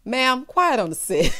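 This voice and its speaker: A medium-pitched woman recaps a reality show with sassy, animated commentary, laughing loudly and calling her viewers "honey" and "child."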